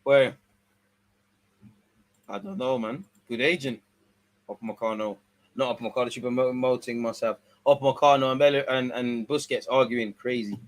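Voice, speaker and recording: A young man giving casual, slangy live football commentary, swinging between excited outbursts and low mutters. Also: normal speed, long pauses. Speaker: watch-along streamer.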